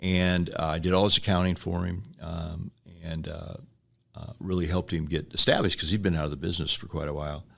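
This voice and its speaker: Low gravelly businessman. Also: little pitch movement, fairly quick, a bit bright. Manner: rambling anecdotes with acted-out quotes and chuckles. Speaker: restaurant franchise owner, guest. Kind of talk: casual storytelling interview.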